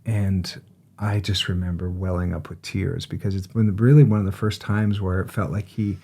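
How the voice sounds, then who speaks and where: A middle-aged man with a fairly low voice tells a long personal story in casual podcast talk. He gets animated as he goes, breaks off and restarts his sentences, and puts on quick voices for the people he quotes. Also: slightly rough. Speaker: podcast co-host.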